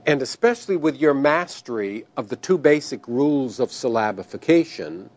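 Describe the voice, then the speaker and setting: A man teaching a grammar lesson, explaining terms slowly and carefully, pronouncing each word with deliberate care. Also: medium pitch, animated, darkish tone. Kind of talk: recorded grammar lecture.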